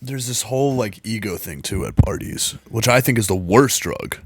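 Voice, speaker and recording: Blunt low-voiced young man, casual guest. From Baltimore. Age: 20s. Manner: blunt and profane, quick asides. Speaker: podcast guest, music producer. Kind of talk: casual chat.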